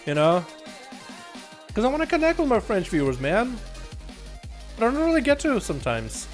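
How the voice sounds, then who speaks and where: A man's voice: sits high, moderate pace, soft background music. An American man hosting a live game stream, calling duels and chatting jokily with viewers. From United States. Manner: energetic, chatty, jokey with viewers. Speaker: streamer and duel host. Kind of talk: live game commentary and chat.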